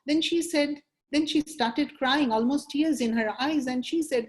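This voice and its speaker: A woman's voice: sits high, a little slow. Indian woman giving a webinar lecture. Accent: Indian English. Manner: acts out example sentences with shifting emphasis. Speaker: image consultant and webinar trainer.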